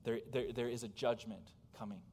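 The medium-pitched, darkish voice of a preacher comes at normal speed and a steady tone, with a little hiss or hum. Speaking emphatically in a church sanctuary, he asks his congregation direct questions amid long hall reverb.

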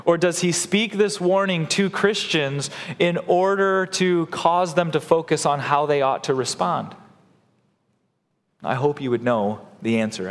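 A man delivers a sermon with earnest emphasis, often stumbling over and restarting his phrases. His voice sits fairly high for a man. The sound rings with the long reverb of a church hall. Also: fairly bright tone. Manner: earnest preaching with repeated restarts and sudden pitch jumps for emphasis. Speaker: pastor. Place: church sanctuary.

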